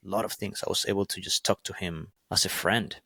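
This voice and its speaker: Earnest guy with as telling his god story, kinda low voice, restarts a lot. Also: fairly even intonation, a little fast, gravelly, bright, forceful tone, husky, dry recording, clean studio sound. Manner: earnest, rambling with many restarts. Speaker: podcast guest. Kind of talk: personal faith testimony.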